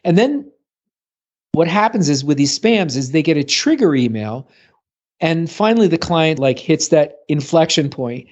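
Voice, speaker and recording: A man's voice: very animated, unhurried, a little mellow. A man from the US Northeast co-hosting a podcast, telling a story and acting out his client's lines with a rising voice. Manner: storytelling, acts out client's quotes with rising pitch. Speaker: podcast co-host, Apple consultant. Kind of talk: casual podcast chat. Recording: dull lo-fi sound.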